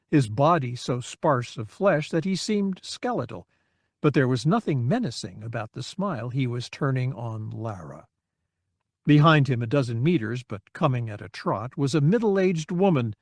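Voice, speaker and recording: Slow, lively-pitched audiobook narrator. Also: male voice, no echo, clean studio sound.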